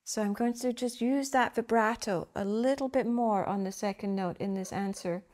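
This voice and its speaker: A woman teaching the flute, explaining gently and reflectively with vivid images. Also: fairly high pitch, normal speed. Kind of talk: instructional explanation.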